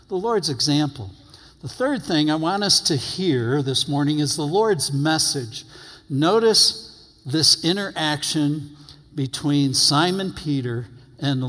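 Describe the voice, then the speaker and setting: A man preaching a sermon, reading scripture aloud and stressing his phrases slowly and emphatically. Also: a little high, sharp tone. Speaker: pastor. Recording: long hall reverb.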